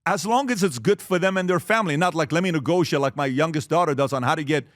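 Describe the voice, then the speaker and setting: A man with a slightly raised voice delivers a punchy webinar talk on fatherhood. He is blunt and emphatic, slipping into quick acted-out family dialogues. The sound is dry and close. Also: on the high side, fairly bright tone, dry recording. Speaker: speaker teaching fathers.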